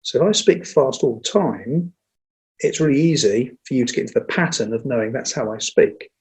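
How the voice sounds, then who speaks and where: A man who trains people in presenting, talking in a lively conversational way and acting out what an audience says. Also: mid-range voice, rough recording. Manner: energetic, acts out audience lines, speeds up and slows down on purpose. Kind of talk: casual conversational interview.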